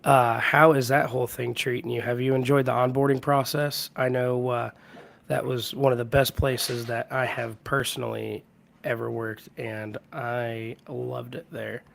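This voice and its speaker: A man hosting a casual live stream from home, hoarse from a cold and keeping his voice low, rambling as he greets viewers by name. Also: little pitch movement, measured pace, a bit bright. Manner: keeps voice low to spare it. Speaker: livestream host. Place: at home with hardwood floors.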